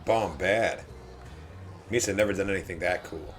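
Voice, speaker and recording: A man's voice: low voice, moderate pace, faint music behind, lightly acted. A man voicing a brash alien adventurer who speaks in broken pidgin English. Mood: chummy.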